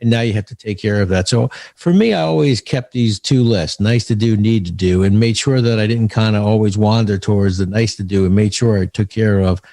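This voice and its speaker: An earnest male guest with a low, gravelly voice. He tells stories as he talks about leadership, doubling back and restarting his phrases. The sound is dark and mellow, recorded dry and close. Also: fairly quick, hardly any pauses, no room sound. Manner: storytelling, earnest, frequent restarts. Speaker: author and leadership speaker, guest. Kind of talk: conversational podcast interview.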